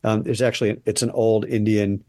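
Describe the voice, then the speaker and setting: A man's voice: fairly low pitch, level tone, a little fast, dark tone, dry recording, studio quality. A man hosting a podcast interview, chatty and jokey with rambling asides. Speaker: podcast host. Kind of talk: casual interview chat.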